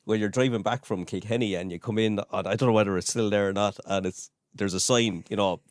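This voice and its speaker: A man with a Carlow Irish accent hosting a casual podcast interview, chatty and quick to laugh. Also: on the low side, no room sound, studio quality. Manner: lively, chatty, laughs easily. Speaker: podcast host.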